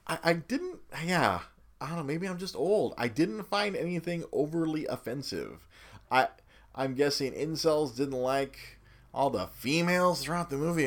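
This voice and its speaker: A man hosting a casual talk show in a loose, rambling way. He stops to restart sentences and chuckles as he goes, in an animated voice of middling pitch. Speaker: podcast host.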